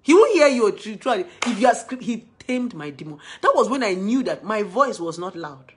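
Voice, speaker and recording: A woman talking casually to camera about relationships, emphatic, swinging between loud exclamations and softer asides. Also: medium pitch, sing-song, moderate pace, a little hiss or hum. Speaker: relationship advice vlogger.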